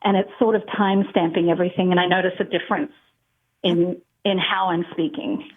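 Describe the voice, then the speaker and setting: A woman's voice: on the low side, level tone, fairly quick. Woman, fifties, faded Australian accent, phone caller, chatty, hesitant, tinny phone line. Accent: Australian, slightly faded. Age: 50s. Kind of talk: phone-in call.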